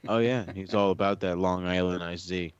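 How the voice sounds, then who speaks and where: A man co-hosting a wrestling podcast in casual chat, swearing a lot and retelling scenes in animated quoted voices. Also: low voice, moderate pace, smooth, highs cut off. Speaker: podcast co-host.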